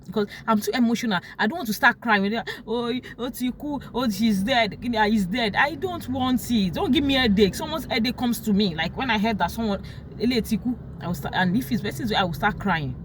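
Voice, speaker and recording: A young Nigerian woman with a Nigerian accent talking about her life in casual storytelling, emotional and quick to act out what others said. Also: fairly high pitch, background noise. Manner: emotional, animated, quotes others in sharp raised tones.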